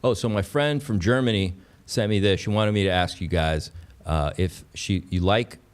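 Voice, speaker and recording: A man hosting a casual livestream, talking straight to his chat, excitable and repeating himself. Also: low-pitched, moderate pace, clear, resonant tone. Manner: excitable, repeats phrases, talks to chat as "pups". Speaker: livestream host.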